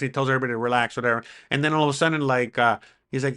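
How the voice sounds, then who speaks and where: A man vlogging, telling a story to camera in an excitable way, swearing freely and acting out what people said. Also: mid-range voice, very fast, clear, resonant tone. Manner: excitable, swearing, acts out the quoted dialogue.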